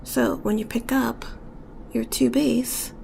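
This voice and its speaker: A woman giving a step-by-step beading tutorial, talking softly and often dropping to a whisper as she works. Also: a little high, steady tone, slow pace, gravelly, slight background noise. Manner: soft-spoken, often drops to a whisper while working.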